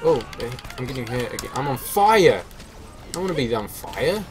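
A man's voice: medium pitch, very animated, normal speed, crowd noise. A man talking casually to viewers as he plays a shooter game, chatty and self-mocking, with the odd swear. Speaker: game player. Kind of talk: solo gameplay commentary.

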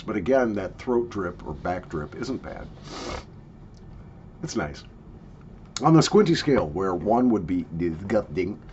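A man's voice: on the low side, darkish tone, lo-fi sound, slight background noise. A man in a casual product review, chatty and jokey, coughing and sniffing between his remarks. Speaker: snuff reviewer.

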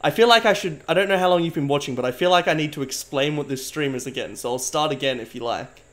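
A man's voice: a little high, fast. A young man live-streaming, talking to his chat in a rambling, mock-serious way and swearing often.

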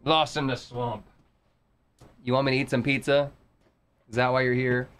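A man's voice: medium pitch, level tone, normal speed, a bit bright, clean tone. Chatty male game streamer. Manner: chatty, thanks viewers, muses aloud about items. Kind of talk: casual live game commentary. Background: game music.

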